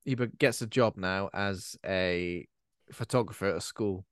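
A man's voice: low voice, unhurried, fairly bright tone, clear, resonant tone, no room sound. Bloke chatting about a film, dry close mic, keeps checking with his mate. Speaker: podcast co-host. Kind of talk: casual film recap chat.

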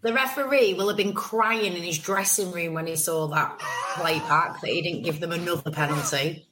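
A woman on a football podcast panel, chiming in with quick remarks. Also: fairly low pitch, fairly bright tone, a little hiss or hum, rough recording. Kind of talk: casual football podcast chat.

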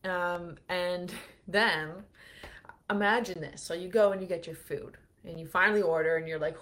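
Chatty young woman, lowish voice. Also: fairly even intonation, brisk, fairly bright tone. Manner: chatty, lots of fillers and "like"; acts out her own anxious inner thoughts. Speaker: livestream host. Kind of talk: casual livestream chat.

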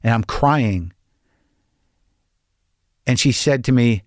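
A man's voice: mid-range voice, slow pace, pauses often, no room sound, clean studio sound. A man hosting a podcast, talking in a rambling, profane, stop-and-start monologue. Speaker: podcast host. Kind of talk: casual monologue.

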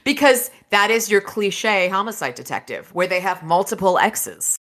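A woman co-hosting a casual book podcast, chatting about chapters and reading passages aloud in an animated way. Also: medium pitch, normal speed. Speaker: podcast co-host.

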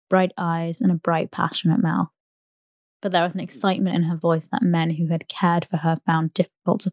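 A woman narrating a bedtime sleep story in a soft, even, unhurried reading. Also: lowish voice, no echo, clean studio sound.

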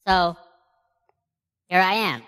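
A woman as a teasing voicemail caller, bright with reverb. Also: on the low side, slow pace, clear, resonant tone. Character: taunting caller calling herself Zol.

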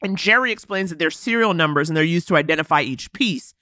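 Animated woman recapping a movie. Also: on the low side, fast, dry recording, studio quality. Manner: animated, laughing, acts out characters' lines. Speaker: podcast host. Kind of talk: casual movie recap chat.

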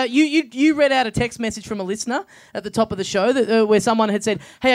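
A man's voice: high-pitched, a bit bright, dry recording. An Australian man co-hosting a live comedy podcast, joking around with a sweary, laughing manner. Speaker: podcast co-host.

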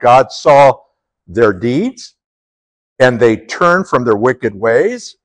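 A man teaching a Bible passage as a sermon, retelling the story with animated storytelling and acting out the quotes. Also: mid-range voice, poor audio. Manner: animated storytelling, voicing the prophet and God in quotes.

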